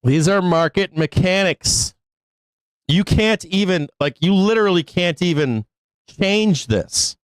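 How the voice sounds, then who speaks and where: A man's voice: high voice, expressive, slow pace, clean tone, no echo, rough recording. A man hosting a live stock market show, ranting in exasperation with frequent laughter and cursing. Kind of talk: live-stream rant.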